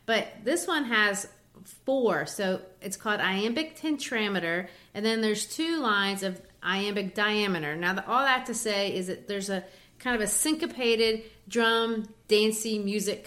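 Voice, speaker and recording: A woman's voice: medium pitch, lively intonation, a little slow, a bit bright. A woman co-hosting a casual educational chat, explaining poetry in a teacherly way with frequent restarts.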